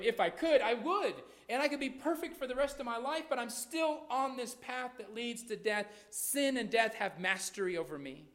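A man preaching a sermon, emphatic, often checking in with "right?" and repeating his points. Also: extremely high pitch. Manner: repeats phrases and restarts words.

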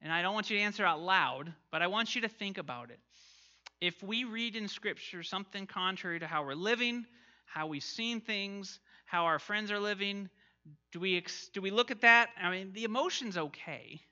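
Man, high bright voice, animated Bible class teacher, dull lo-fi sound. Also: moderate pace. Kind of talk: interactive Bible lesson.

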